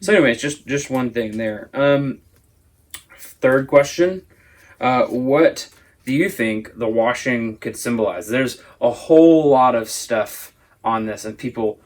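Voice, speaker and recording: A man's voice: mid-range voice, a little slow. A man teaching a Sunday school lesson, explaining at length in a casual, thoughtful way. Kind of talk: casual Bible discussion.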